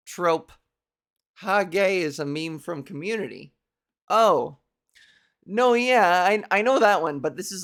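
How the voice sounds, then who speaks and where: A woman in her thirties hosting a comedy show, rambling through a loose, profane monologue, laughing at her own jokes and putting on quick silly voices. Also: sits low. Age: 30s. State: hungover. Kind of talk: loose stand-up style monologue.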